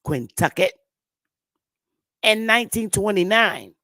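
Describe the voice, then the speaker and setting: Slow, emphatic woman with a Connecticut accent. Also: medium pitch, lively intonation, fairly bright tone, dry recording. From Connecticut, USA. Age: 50s. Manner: emphatic and repetitive, drawing words out. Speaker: show host. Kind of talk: monologue lecture to viewers.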